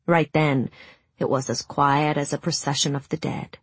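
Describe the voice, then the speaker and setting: A woman narrating a story in a hushed, emotive reading that sinks to near whispers, with a breathy voice. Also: sits low, fairly even intonation, moderate pace, no echo. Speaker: audiobook narrator. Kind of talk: scripted narration.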